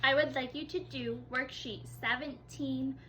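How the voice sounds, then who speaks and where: A woman teaching kindergarten, reading a story aloud in a slow, exaggerated sing-song way and gently encouraging the children. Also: sits high, fairly even intonation, slight background noise.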